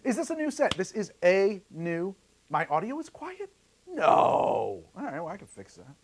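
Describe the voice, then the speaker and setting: A man's voice: high voice, huge pitch swings, a little slow, slight background noise. A man hosting a livestream while mixing drinks, rambling and heated, swearing freely and laughing often into a studio mic. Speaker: livestream host making drinks. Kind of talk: casual livestream chat. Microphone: studio mic through a mixer rig.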